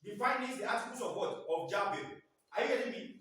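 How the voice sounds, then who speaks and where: High-voiced male teacher, echoey room. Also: fast talker, a bit bright, slight background noise. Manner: repeatedly prompts the class to fill in words. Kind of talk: classroom lecture with call-and-response questions. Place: classroom. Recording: echoey classroom from far off.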